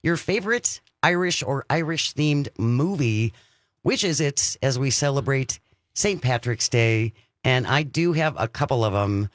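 A man hosting a call-in radio show, chatting casually and slowing down to read out the phone number. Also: medium pitch, expressive, no echo, clean studio sound. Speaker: radio talk show host.

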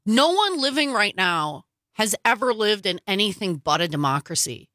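A woman's voice: medium pitch, very animated, moderate pace, bright, forceful tone, dry recording, clean studio sound. A woman co-host giving emphatic, indignant political commentary.

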